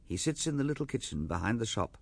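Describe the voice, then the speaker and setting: A man narrating a radio drama as a measured storyteller. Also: mid-range voice, very animated, gravelly, dry recording. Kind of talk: scripted narration.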